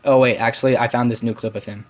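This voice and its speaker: A man's voice: mid-range voice, steady tone, fast talker, slight background noise. A teenage man hosting a casual podcast, rambling with lots of restarts and fillers. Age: teens. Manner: rambling, many restarts and "like"s, laughs easily. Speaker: podcast host. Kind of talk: casual chat.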